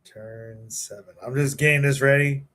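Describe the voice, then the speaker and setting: A man hosting his live stream, hyped up and emotional, stammering and repeating words as he warms up the show. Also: mid-range voice, steady tone, moderate pace. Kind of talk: excited live-stream chat.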